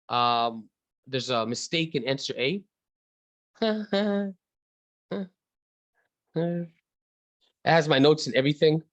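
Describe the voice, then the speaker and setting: An online class is taught by an Egyptian-accented man who chats easily, addresses students by name, and switches between Arabic and English mid-sentence. His pitch is medium. The audio is poor, though free of echo.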